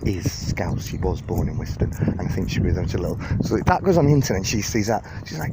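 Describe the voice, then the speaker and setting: A man's voice: low voice, fast talker, few pauses. Chatty Liverpool-area man on a park walk. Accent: Liverpool area (Widnes). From England. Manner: chatty, rambling, jokey and lively. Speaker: vlogger giving a walking tour. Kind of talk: casual walking-tour narration. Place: outdoors in a city park. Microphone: handheld phone camera. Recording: phone video outdoors with clear wind and park noise.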